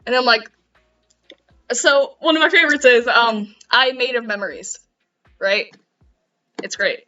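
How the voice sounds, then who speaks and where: A woman's voice: on the high side, a little slow, bright, forceful tone, far from the mic, dull audio. A young woman streamer chatting casually, rambling and giggling at herself. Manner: giggly, rambling, self-mocking. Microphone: headset.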